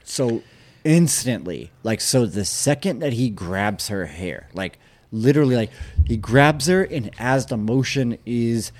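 A man's voice: medium pitch, animated, measured pace, darkish tone, a little hiss or hum. A young man in casual chat, jumping in on a shared story, swearing freely and acting out punches. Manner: casual, profane, acts out quotes and punch sounds.

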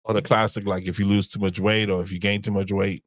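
Low-voiced laid-back husband. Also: male voice, level tone, quick pace, dry recording. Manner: rambling, searches for words, restarts. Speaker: podcast co-host. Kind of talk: casual chat.

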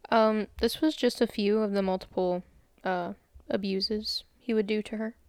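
Smooth-voiced young woman telling a crime case. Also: mid-range voice, normal speed, dry recording, clean studio sound. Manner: relaxed, tells the case step by step with filler words. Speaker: podcast co-host. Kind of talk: casual true crime chat. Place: room with window open.

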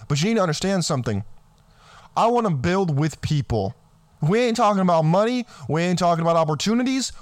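A man's voice: sits high, no echo. A man from the United States giving a blunt, scornful motivational rant as a vlogger, often saying "my friends".

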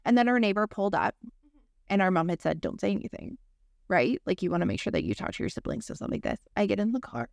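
A woman's voice: mid-range voice, sing-song, fast talker, creaky, darkish tone, no echo, clean studio sound. A woman in her thirties co-hosting a podcast, telling a personal story in a candid, profane, conversational way. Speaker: podcast co-host. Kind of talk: casual conversation.

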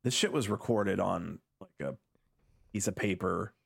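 A man's voice: low-pitched, a little slow, vocal fry. A man in his thirties co-hosting a podcast, rambling and wry with lots of fillers. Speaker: podcast co-host. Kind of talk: casual chat.

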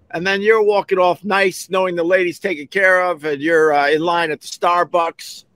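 Bright-voiced rambling storyteller man. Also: sits high, steady tone, a little fast, few pauses, no room sound. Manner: rambling, digressive, acts out quoted voices. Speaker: podcast host, former radio host. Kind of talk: casual storytelling monologue.

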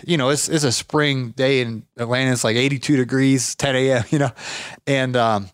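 A man's voice: medium pitch, steady tone, moderate pace, clean tone, dry recording. Guy from ohio rambling through a story, mid voice, dry close sound. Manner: rambling, many restarts and fillers. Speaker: podcast host, lawn care business owner. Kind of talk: casual storytelling.

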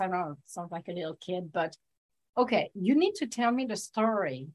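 An excitable woman hosts a podcast in a casual chat. She sounds bubbly and eager, and she laughs often. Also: mid-range voice, normal speed. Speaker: podcast host.

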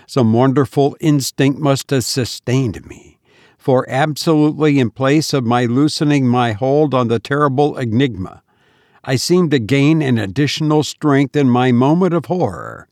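A man reading a first-person gothic story aloud in a measured, solemn manner. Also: medium pitch, a little mellow, no echo, clean studio sound. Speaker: audiobook narrator.

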